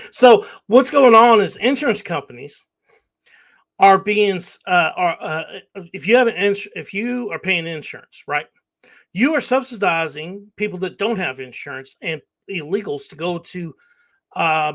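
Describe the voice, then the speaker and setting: A man's voice: high voice, fairly bright tone. A man hosting a casual chat, laughing often and hesitating with fillers as he explains.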